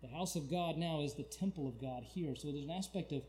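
A man preaching a sermon, swinging between quiet, pleading, drawn-out lines and loud, shouted cries. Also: a little high.

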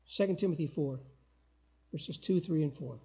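An older man preaching a sermon as a guest pastor in a church, emphatic, with loud call-and-response bursts. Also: fairly high pitch, normal speed, creaky, husky, lo-fi sound. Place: church sanctuary.

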